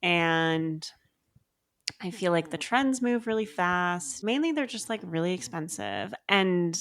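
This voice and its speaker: A woman's voice: on the low side, sing-song, slow pace. A woman co-hosting a podcast, chatting casually and rambling through her thoughts with lots of filler words. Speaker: podcast co-host. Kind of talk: casual chat.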